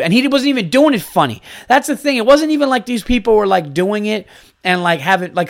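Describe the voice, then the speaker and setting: A man's voice: on the high side, gravelly. A man in his thirties hosting a podcast, telling a casual story with an exasperated, mocking rant full of swearing. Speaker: podcast host.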